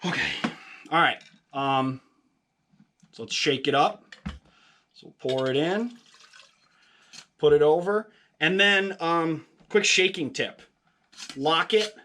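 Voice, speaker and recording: A man's voice: on the high side, a little slow, pauses often, sharp tone. A man hosting a casual home cocktail vlog, chatty and jokey, with lots of fillers and a slightly out-of-breath delivery. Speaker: home cocktail video host.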